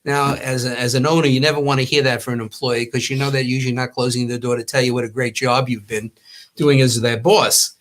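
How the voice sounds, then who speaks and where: A fast talker with a level tone and a mid-range voice, this older Long Island, New York man used to own a magazine. In casual talk he strings together long anecdotes, acting out the quotes with warm, rambling storytelling.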